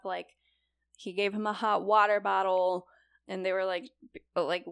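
Young woman, podcast co-host, casual storytelling, gravelly voice, dry close sound. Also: medium pitch, normal speed, no echo. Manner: chatty, many likes and you-knows, lively retelling.

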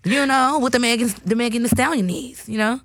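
A woman hosting a cannabis radio show, talking loud, profane and playful, hyping up her guest. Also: fairly high pitch, fairly quick. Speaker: podcast host. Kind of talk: casual radio show chat.

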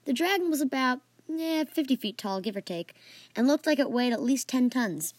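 A woman's voice: high voice, animated, normal speed, no room sound. A woman narrating a playful, made-up adventure story in a casual way, adding sound effects and asides.

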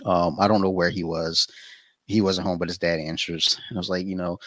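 A man chatting casually as a podcast guest, telling blunt, profane stories with animated quoted asides. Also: sits low, fairly quick, no room sound. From Saudi Arabia.

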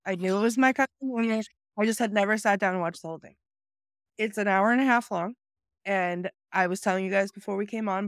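A woman's voice: mid-range voice, no echo, studio quality. A woman co-hosting a casual talk show, chatting animatedly and acting out quoted movie lines as she retells them. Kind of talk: casual chat about a movie.

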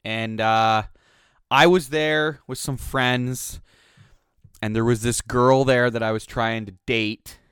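A man hosts his own podcast and tells a long, rambling story with plenty of swearing and self-mockery. His voice is smooth and clear, and it sits close and dry on the mic with no room sound. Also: mid-range voice, steady tone, slow, a bit bright, no room sound. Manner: profane, rambling, self-mocking. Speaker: podcast host. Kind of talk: casual storytelling monologue.

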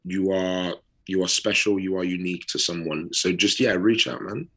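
Man, British accent, very deep voice, earnest, unhurried podcast chat. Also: fairly even intonation, bright, forceful tone, husky. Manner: earnest, unhurried, drawn-out pauses. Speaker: podcast co-host.

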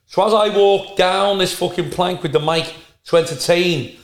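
A male stand-up comedian telling profane, animated anecdotes in a casual podcast chat. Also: sits high, moderate pace. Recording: roomy echo.

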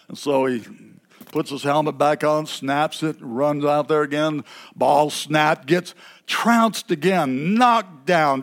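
A man preaching a sermon in a church, folksy and chatty, with asides and throat-clearing. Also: fairly high pitch, a little slow, fairly bright tone.

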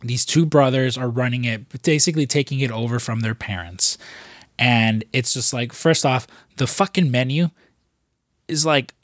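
A young man tells loose, profane stories on a podcast, breaking into quick imitations of other people. His voice sits at an ordinary middle pitch, and the sound is close and dry with no room echo. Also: a bit bright. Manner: rambling, profane, jokey storytelling with put-on quotes. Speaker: podcast co-host. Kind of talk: casual podcast chat.

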